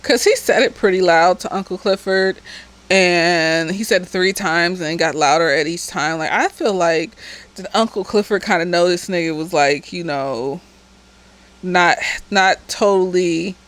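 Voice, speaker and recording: A woman's voice: fairly low pitch, low-quality recording. Slightly tipsy woman, blunt chatty recap. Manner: profane, blunt, chatty with laughs and asides. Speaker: therapist reviewing a TV episode. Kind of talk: casual recap chat.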